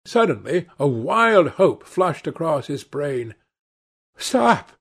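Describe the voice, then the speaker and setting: Male audiobook narrator, unhurried and dramatic, slightly high voice. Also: very animated, husky. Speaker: audiobook reader. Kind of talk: audiobook narration of a classic novel.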